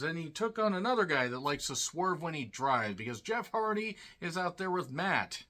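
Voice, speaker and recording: Blunt, sarcastic man with a lively bright voice. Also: fairly high pitch, normal speed, hardly any pauses. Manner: blunt, sarcastic, swears freely. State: tired. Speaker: wrestling show reviewer. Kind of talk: casual solo review commentary.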